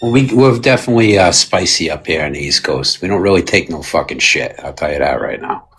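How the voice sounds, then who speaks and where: A man's voice: sits low, expressive, fairly quick, a bit bright, slight background noise. A man with a Rhode Island accent on a livestream, talking bluntly with lots of swearing. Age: adult with a young daughter. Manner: blunt, profane, combative. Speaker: debate livestream guest. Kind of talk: casual heated chat.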